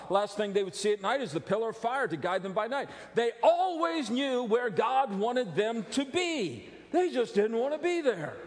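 A middle-aged male pastor preaching a sermon, animated and joking, with frequent restarts. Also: very high voice. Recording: long reverb of a large hall.

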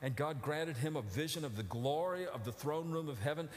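A middle-aged male pastor preaching a sermon, moving from quiet reflective passages to loud emphatic outcries. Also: on the high side, brisk, long reverb tail. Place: church sanctuary.

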